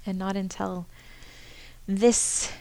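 A woman's voice: mid-range voice, flat delivery, slow, vocal fry, warm tone, no room sound. A woman hosting a personal podcast monologue, candid and self-deprecating, often laughing at herself. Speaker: podcast host.

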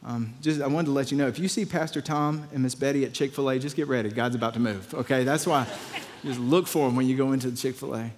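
Pastor guy telling a story in his sermon, mid-pitched, lots of reverb. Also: fast, a little mellow, slight background noise. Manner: storytelling, conversational, repeats phrases.

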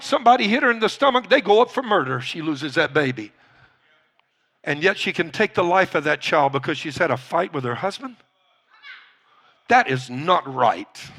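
A male pastor preaching a sermon, slowing down to stress key points and building up to shouting. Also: sits high. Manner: emphatic, builds from quiet to shouting; slows down to stress key words.

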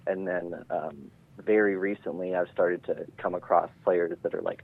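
A man's voice: deep voice, steady tone, moderate pace. A man, a game master guest, chatting casually and hesitantly on a podcast. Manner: hesitant, many fillers and restarts. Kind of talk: casual chat. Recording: tinny phone-like line.

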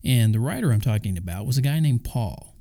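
A man's voice: medium pitch, expressive, brisk, dark tone. A man hosting a Christian talk, speaking conversationally with casual asides and the odd chuckle. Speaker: Christian podcast host.

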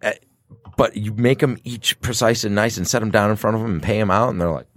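A man co-hosting a casual podcast, a bartender who swears freely and tells animated stories, acting out customers' voices. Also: fairly low pitch, fast, no room sound, clean studio sound.

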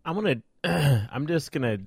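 A man's voice: a little high, lively intonation, normal speed, vocal fry, a little mellow, breathy edge, no echo, clean studio sound. Blunt, profane man thinking aloud. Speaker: podcast co-host. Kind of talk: casual panel chat.

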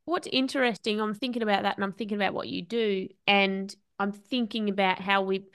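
A woman's voice: medium pitch, steady tone, brisk, a bit bright, smooth. A woman with an Australian accent, hosting a podcast and chatting reflectively, thinking aloud. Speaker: podcast host. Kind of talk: casual conversation.

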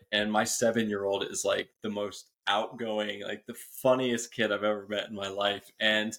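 A man in his thirties, a podcast guest, telling lively stories in a casual chat and saying "dude" often. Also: fairly low pitch. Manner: animated storyteller, says "dude" often.

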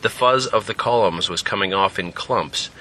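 A man narrating a scripted story in an expressive, lively way. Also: on the low side, normal speed, slight background noise. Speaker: narrator and podcast host.

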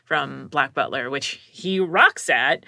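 A woman voice actor in casual chat, talking quickly and acting out the people she quotes. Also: a bass voice, gravelly, no echo, studio quality. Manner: chatty, animated, acts out quoted voices.

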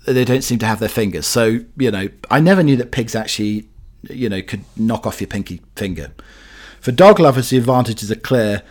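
A man's voice: medium pitch, animated, brisk. Rambling jokey man. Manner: chatty, jokey, meandering with many fillers. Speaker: podcast host. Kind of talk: rambling solo chat.

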